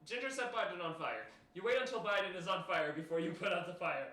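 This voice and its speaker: A male streamer reading a text adventure aloud, excitable and often breaking into laughter. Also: high voice, quick pace. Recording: roomy, distant, faint noise.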